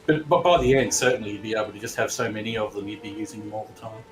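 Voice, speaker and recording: A man co-hosting a let's play, calmly explaining game mechanics with frequent hesitant fillers. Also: fairly low pitch, very fast, faint music behind, poor audio. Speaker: co-host player. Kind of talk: casual gameplay chat.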